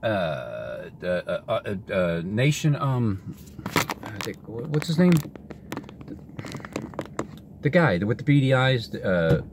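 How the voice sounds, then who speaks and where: A man rambling excitedly to the camera, breaking off and restarting his sentences a lot. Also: lowish voice, takes it slowly, pauses often. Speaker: vlogger. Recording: outdoor street noise with passing cars.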